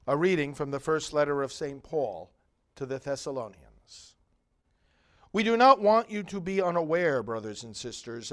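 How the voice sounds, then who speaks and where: A male priest giving liturgical readings and a homily in a measured, solemn way with long pauses. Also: a little high.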